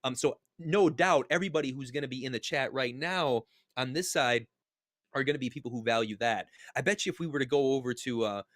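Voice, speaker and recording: A man co-hosts a relaxed live-stream conversation from home. He reads viewer comments aloud and reflects on them slowly, stacking fillers and false starts. His voice sounds dry and close, with no room around it. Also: medium pitch, dry recording. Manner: thoughtful, reflective, many fillers and restarts. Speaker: co-host reading live chat. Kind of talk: casual live-stream chat. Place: home, joined remotely.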